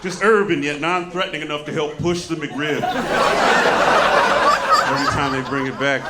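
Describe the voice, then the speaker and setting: A man in his thirties doing a stand-up set with a loud, profane, punchy delivery on a handheld mic. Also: fairly high pitch, steady tone, moderate pace, very noisy. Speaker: stand-up comedian. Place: comedy club stage with a live audience. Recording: roomy live club with loud crowd. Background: audience laughter.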